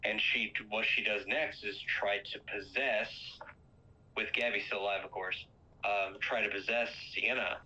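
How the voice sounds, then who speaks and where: A man's voice: fairly low pitch, fairly even intonation, normal speed, bright, forceful tone, slightly rough, lo-fi sound. A man casually retelling a movie's plot, rambling with lots of fillers and acting out quoted lines.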